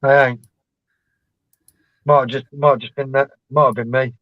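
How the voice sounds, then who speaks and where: A man's voice: mid-range voice, little pitch movement, moderate pace, no room sound. A man telling rambling, laughing anecdotes as co-host of a live stream. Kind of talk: casual storytelling chat. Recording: dull lo-fi dry stream audio.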